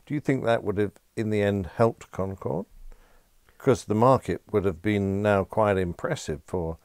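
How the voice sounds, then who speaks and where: A man hosting a podcast in easy conversation, prompting his guest with questions. His voice sits low with a gravelly fry, and the sound is dry and close. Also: normal speed, darkish tone, no echo. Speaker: podcast host, airline captain. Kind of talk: casual interview chat.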